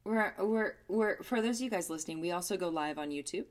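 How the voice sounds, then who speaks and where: A woman's voice: lowish voice, quick pace. A woman co-hosting a podcast in easygoing casual chat, reading out listener comments. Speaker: podcast co-host.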